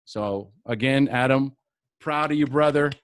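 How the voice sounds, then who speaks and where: A man's voice: medium pitch, unhurried, slight background noise. A middle-aged man leading a live group recovery coaching session, talking earnestly and repeating key phrases for emphasis.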